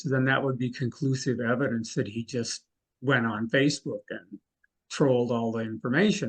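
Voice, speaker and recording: An older man, a mentalist guest in an interview, telling anecdotes with lively delivery and acting out what others said. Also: medium pitch. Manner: animated, acts out the people he quotes.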